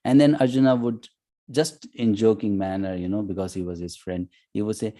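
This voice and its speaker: A man teaching an online scripture class, talking conversationally with frequent "you know" and "hmm", and chanting verses slowly. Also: lowish voice, steady tone, dark tone. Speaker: course teacher. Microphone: online class audio.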